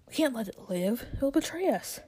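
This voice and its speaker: A woman's voice: on the high side, sing-song, a little fast, a little mellow, a little hiss or hum. Woman reading a sour grumpy dwarf, blunt and suspicious, darkish voice. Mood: hostile. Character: sour, hostile black-bearded male dwarf.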